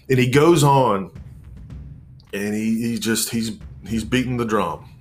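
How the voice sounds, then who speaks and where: A man in his forties telling a personal story in a measured, reflective way, pausing and restarting as he goes. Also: lowish voice, a little hiss or hum.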